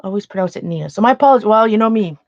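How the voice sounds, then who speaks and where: A woman's voice: mid-range voice, lively intonation, very fast, darkish tone, no echo, highs cut off. A Canadian woman chatting casually on a livestream while making art, rambling and often restarting her sentences.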